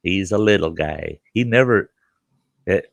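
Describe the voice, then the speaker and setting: Low gravelly older man telling a story. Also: unhurried, dry recording. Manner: folksy, chuckling, acts out quoted voices. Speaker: storyteller host. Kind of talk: casual spoken storytelling.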